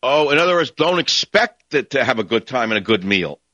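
A man's voice: medium pitch, sing-song, fairly quick, bright, forceful tone, dry recording. A man hosting a talk radio show, ranting and sarcastic in his monologue.

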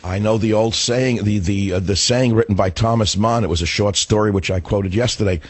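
A middle-aged man hosting a radio talk show, hoarse as his voice gives out, ranting in a fiery, combative way. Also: lowish voice, steady tone, fairly quick, dry recording. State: hoarse, voice going.

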